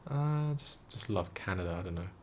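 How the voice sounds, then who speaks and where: A tired young man, quietly rambling through a casual story late at night in a vlog. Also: deep voice, expressive, moderate pace, slight background noise. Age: young adult. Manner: hushed, quiet, rambling talk. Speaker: vlogger. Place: room indoors at night.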